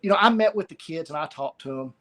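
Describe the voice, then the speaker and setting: A middle-aged man telling a personal story as an interview guest, halting and repeating words. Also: fairly high pitch, animated, a bit bright.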